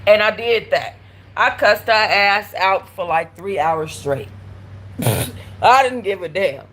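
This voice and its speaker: A woman hosting a live stream from her apartment, telling animated, slangy stories with blunt cursing. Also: medium pitch, slow pace, husky, poor audio. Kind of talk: casual live-stream chat. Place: at home in an apartment.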